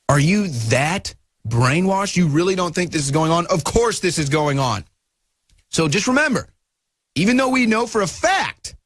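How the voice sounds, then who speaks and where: Radio host, fired up and indignant, fairly high voice, dry close mic. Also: male voice, no room sound. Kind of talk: talk radio commentary.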